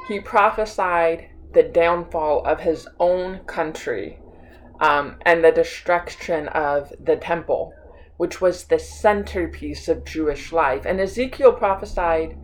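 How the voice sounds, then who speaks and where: A woman's voice: lowish voice, rough recording. A woman pastor with a Pacific Northwest American accent, preaching a sermon recorded at home in an enthusiastic, chatty, informal way. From United States. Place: her home.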